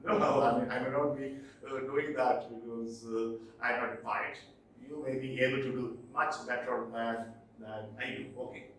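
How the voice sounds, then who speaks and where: A man teaching poetry terms in a recorded video lecture, explaining slowly and repeating key terms, often checking whether it is clear. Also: medium pitch, fairly even intonation, fairly bright tone, slight background noise. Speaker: English teacher. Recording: echoey room, distant mic.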